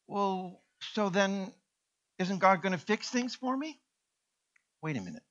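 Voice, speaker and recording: A man preaching a sermon as minister, animated and emphatic, firing off rhetorical questions to his congregation. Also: sits high, measured pace, pauses often, highs cut off.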